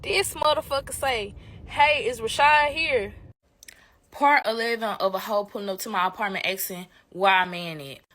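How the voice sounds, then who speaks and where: Bright-voiced young woman telling a story. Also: mid-range voice, a little fast, few pauses, no echo. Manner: profane, animated, talks straight to viewers. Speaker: storytime vlogger. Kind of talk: casual storytime narration.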